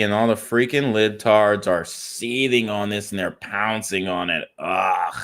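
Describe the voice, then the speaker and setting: Young guy ranting angry over the news, swears a lot, lowish smooth voice. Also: fairly even intonation, unhurried, hardly any pauses, a bit bright. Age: young adult. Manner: angry, profane, reads viewer comments and news aloud. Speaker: commentary channel host. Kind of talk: political reaction commentary.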